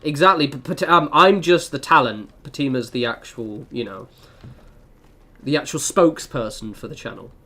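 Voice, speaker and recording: A man's voice: medium pitch, normal speed, bright, forceful tone. A man streaming a game, chatting in a rambling, casual way with many fillers. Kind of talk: casual chat while gaming.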